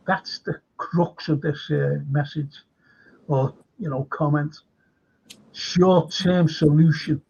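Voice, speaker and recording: A man's voice: a little high, unhurried, a little mellow, husky. A man hosting a casual football fan show, telling anecdotes and swearing freely. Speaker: host. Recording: dull lo-fi stream audio.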